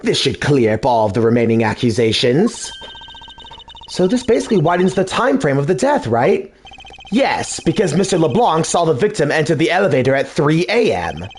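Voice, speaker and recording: A man voicing a cool, composed male prosecutor who speaks in a measured, deliberate way in a game dub. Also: a little high, sing-song, slight background noise. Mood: calm, analytical.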